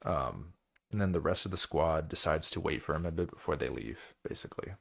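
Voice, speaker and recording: A tired, yawning man hosting a book club, rambling through a casual chapter recap full of fillers and quick character voices. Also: a bass voice, lively intonation, gravelly.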